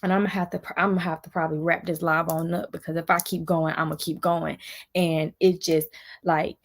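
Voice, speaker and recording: A woman's voice: deep voice, flat delivery. Heated woman ranting on a livestream. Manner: heated, fast, repetitive venting with frequent restarts. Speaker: vlogger on a livestream. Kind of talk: emotional livestream rant.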